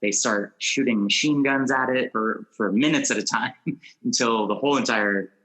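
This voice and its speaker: A man's voice: mid-range voice, moderate pace, a bit bright, low-quality recording. A man hosting a casual movie podcast, asking long rambling questions and laughing often. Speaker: podcast host.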